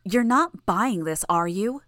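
A woman voicing a cruel, mocking young female villain who taunts in a raised, sharp voice. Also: medium pitch, expressive, slow, no echo, studio quality. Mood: scornful.

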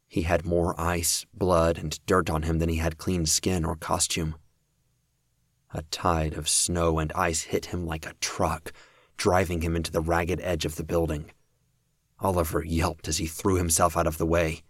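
A male audiobook narrator reads with steady, even storytelling. His voice is very low and deep, and it is recorded close and bone-dry, with no room sound. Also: measured pace, husky, no echo.

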